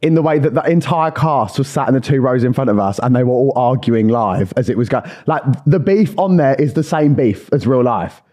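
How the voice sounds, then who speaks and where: A man's voice: mid-range voice, a little fast, few pauses, mellow. A young man from England co-hosting a podcast, chatting and telling gossipy stories in a teasing way. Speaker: podcast co-host. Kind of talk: casual chat.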